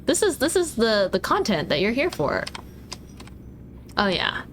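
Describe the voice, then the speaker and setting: A woman's voice: on the high side, sing-song, measured pace, fairly bright tone, a little hiss or hum. A woman streamer chatting playfully and giggling while playing a driving game. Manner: playful, giggly, teasing chat. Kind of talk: casual gaming stream chat.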